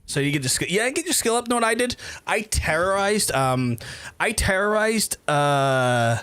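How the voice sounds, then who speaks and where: A young man streaming a game, chatting excitably with viewers and leaping up in pitch when he gets worked up. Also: normal speed, smooth. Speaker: gaming streamer. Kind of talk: casual livestream chat while playing.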